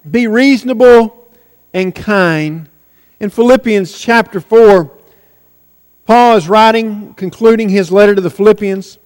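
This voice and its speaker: Man preaching in a reverberant hall. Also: sits high. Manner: earnest, rising and falling emphasis. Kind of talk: sermon.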